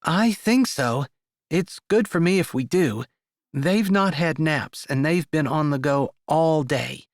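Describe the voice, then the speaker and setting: A man voicing a gentle young mother. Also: on the high side, takes it slowly, no echo, studio quality, voice pushed up. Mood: warm, practical.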